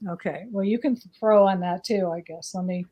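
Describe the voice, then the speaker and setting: Her voice sits on the low side with a dark tone as this psychic guest from the northeastern US chats casually at a moderate pace. She rambles, hesitates, and uses many fillers.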